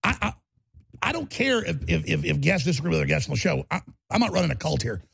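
A man's voice: a little high, lively intonation, quick pace, vocal fry, a bit bright, husky. A man hosting a talk radio show, brash and sarcastic, often stammering and repeating words.

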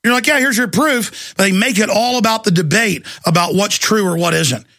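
A man with a high, gravelly voice rants through a fiery talk-show monologue. His tone is forceful and tense, often breaking into shouts. The sound is dry and close, with no room echo. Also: brisk. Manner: ranting, fiery delivery with bursts of shouting. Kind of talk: heated monologue.

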